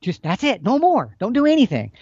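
A man's voice: extremely high pitch, fairly quick, heavy background noise. A middle-aged man, an expert guest, explaining hunting techniques in a folksy, demonstrative way. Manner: animated, folksy, demonstrating with expressive swings. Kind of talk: casual instructional explanation. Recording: dull, dry recording.

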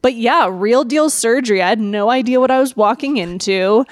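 A woman with a fairly high voice tells her story to a podcast host in an animated way and laughs often. The sound is dry and close to the mic. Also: normal speed, no echo. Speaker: podcast guest. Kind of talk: casual podcast chat.

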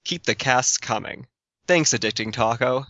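A man's voice: mid-range voice, normal speed, a bit bright, no echo. A man co-hosting a casual podcast, laughing easily and telling anecdotes. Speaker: podcast co-host. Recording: dull lo-fi podcast audio, dry.

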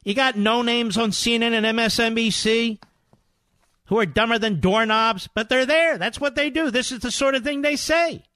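A man hosting a talk radio show, playing clips and commenting on them in an indignant, combative manner with loud rhetorical questions. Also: very high voice, normal speed, no room sound, studio quality.

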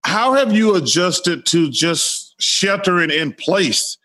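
High-ish guy ribbing the guest, echoey room sound. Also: animated, takes it slowly, bright, forceful tone. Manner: teasing, blunt questions. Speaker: co-host. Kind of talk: casual chat. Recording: roomy echo.

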